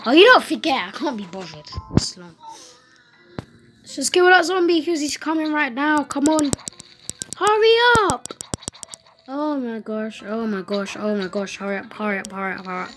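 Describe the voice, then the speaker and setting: A woman giving casual gameplay commentary at home, excitable and panicky, repeating words in quick bursts. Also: on the high side, faint music behind.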